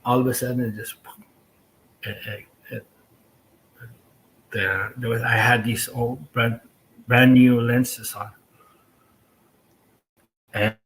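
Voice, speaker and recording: A First Nations man speaks as a talk show guest and recounts a personal story in an earnest, reflective way. His voice sits on the low side and he takes his time. A faint hiss of noise runs under the recording. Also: a bit bright, low-quality recording. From First Nations community. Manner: earnest, reflective, slow retelling.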